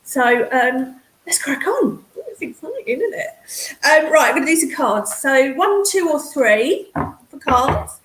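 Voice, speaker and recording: High, animated woman hosting a chatty live stream, echoey room. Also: slow. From English Midlands. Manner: excitable, chatty, calls viewers darling and hun. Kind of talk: casual livestream chat with viewers. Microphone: computer mic on a streaming setup.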